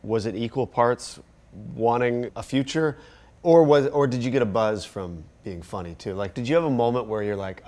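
A man's voice: mid-range voice, moderate pace, darkish tone. A man interviewing a guest in casual conversation, attentive and chiming in with short affirmations.

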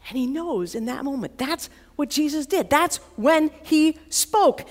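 A woman college chaplain preaching in a chatty, vivid storytelling way. Her voice sits a little high. Long reverb hangs after her words, as in a large chapel. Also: animated, unhurried, hardly any pauses, a little mellow. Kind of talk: sermon.

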